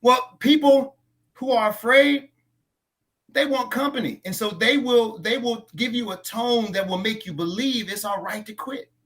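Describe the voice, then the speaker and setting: Bright, high-voiced preaching man. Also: measured pace. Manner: preacherly, emphatic, repeats key lines; trains others in tone and inflection. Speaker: church leader on a post-sermon talk show. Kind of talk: casual faith discussion.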